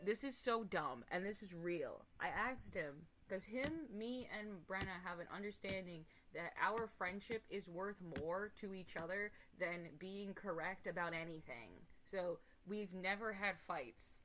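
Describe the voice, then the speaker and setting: A woman's voice: medium pitch, unhurried, hardly any pauses, noisy background. A woman streamer chatting casually to her viewers, rambling and emphatic, with casual swearing. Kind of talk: casual live stream chat.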